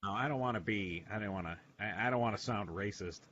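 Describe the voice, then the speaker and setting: A man's voice: fairly low pitch, quick pace, fairly bright tone. A man telling a rambling, profane story in a casual radio chat. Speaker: regular panelist, veteran. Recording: dull lo-fi sound, faint noise.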